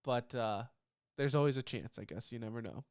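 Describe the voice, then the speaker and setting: A man's voice: medium pitch, brisk, darkish tone, clear, resonant tone, no echo, studio quality. A man hosting a podcast in a casual chat, his voice a bit nasal from a lingering cough. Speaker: podcast host.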